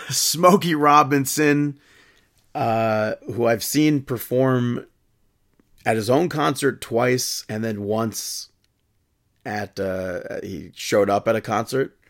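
A man co-hosting a podcast in a relaxed, chatty way, often laughing. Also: mid-range voice, takes it slowly. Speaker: podcast co-host. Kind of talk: casual chat.

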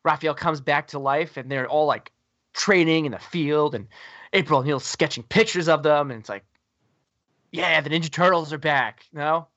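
A man's voice: a little high, normal speed, fairly bright tone, dry recording. Rambling jokey man hosting a podcast. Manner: rambling and jokey, with many fillers. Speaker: podcast host. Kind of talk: casual chat. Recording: dry, dull lo-fi recording.

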